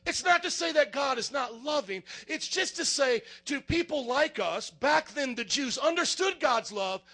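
A man, a pastor, preaching a sermon in a jokey, animated way, calling out to the congregation for responses. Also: very high-pitched, moderate pace.

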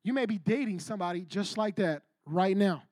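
A man's voice: high voice, fairly quick, a little mellow, no echo, studio quality. A male pastor preaching a sermon in casual street slang, emphatic and insistent.

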